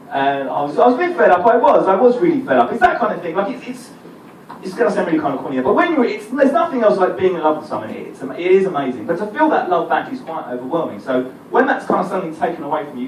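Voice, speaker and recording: A young man with an Essex accent doing a rambling, self-deprecating stand-up set, swearing freely. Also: sits high. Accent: Essex English. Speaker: stand-up comedian. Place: comedy club stage. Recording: roomy live club recording, distant, crowd noise. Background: audience laughter and room noise.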